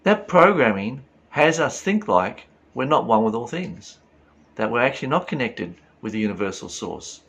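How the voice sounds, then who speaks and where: A man's voice: mid-range voice, very animated, normal speed, a bit bright, slightly rough. A man giving a reflective spiritual talk, earnest and full of rhetorical questions. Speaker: spiritual teacher.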